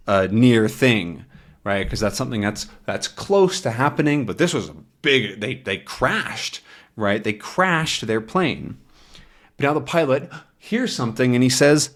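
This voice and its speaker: A man walks English learners through a comic, patiently explaining each word and checking in with "right?" He speaks slowly, in a middle pitch. His voice swings up and down in animated, expressive turns and acts out sounds along the way. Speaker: English teacher.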